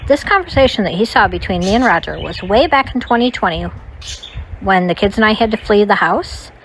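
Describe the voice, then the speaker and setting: A woman's voice: mid-range voice, lively intonation, a little fast, a bit bright, slight background noise, rough recording. A woman recounting a personal story in a casual, rambling way, full of "like" and "you know". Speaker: storytime vlogger.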